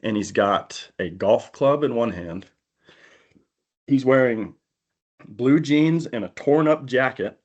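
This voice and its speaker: A man on a podcast telling a long, animated hunting-trip story in casual chat, acting out the people he quotes. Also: mid-range voice, slow pace, long pauses, dull audio. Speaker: podcast co-host. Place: indoor podcast studio.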